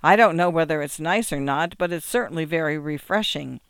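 A man voicing a prim, bossy, sharp-tongued little girl in a story reading, with a crisp, scolding manner. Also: a little high, a little fast, no room sound, clean studio sound.

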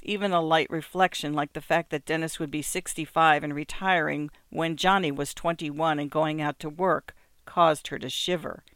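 Male audiobook narrator, clear voice. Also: on the high side, fairly bright tone, no room sound, clean studio sound.

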